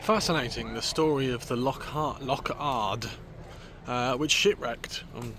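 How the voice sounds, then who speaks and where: A man's voice: medium pitch, expressive, moderate pace. A man chatting casually in a travel vlog, musing aloud as he drives along a coastal road and stops at viewpoints. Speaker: travel vlogger. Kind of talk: casual vlog while driving. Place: in a car and outdoors on a coastal road. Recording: heavy road noise, mic distant.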